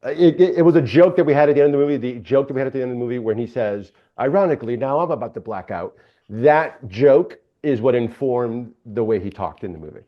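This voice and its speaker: A man working as a film director, telling behind-the-scenes stories in a relaxed interview, with frequent hesitations. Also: medium pitch, quick pace, few pauses. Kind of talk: casual interview chat. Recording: dull lo-fi sound.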